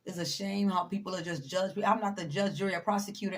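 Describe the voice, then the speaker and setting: A woman's voice: fairly low pitch, fairly even intonation, fast talker. A woman giving a casual motivational talk to camera in a blunt, emphatic way, swearing freely and preaching straight at the viewer, a little tired. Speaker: motivational vlogger.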